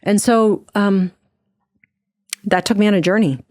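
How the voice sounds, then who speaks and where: A middle-aged woman from New Jersey, a podcast guest telling her personal story in earnest, quick bursts with frequent restarts. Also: medium pitch, darkish tone, dry recording, clean studio sound. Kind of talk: personal testimony in a conversational interview.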